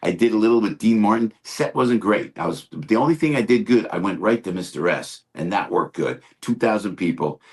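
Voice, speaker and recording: An older comedian with a low, deep voice spins a lively anecdote as a podcast guest. He talks in quick bursts with restarts and sudden impressions. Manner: animated anecdote teller, slips into impressions. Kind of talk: storytelling interview.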